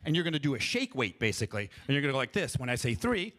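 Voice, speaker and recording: A man leading a live audience through an improv warm-up on a festival stage, playful and energetic, coaching them through each step. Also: mid-range voice, rapid-fire, noisy background. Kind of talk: stage workshop talk with freestyle rap.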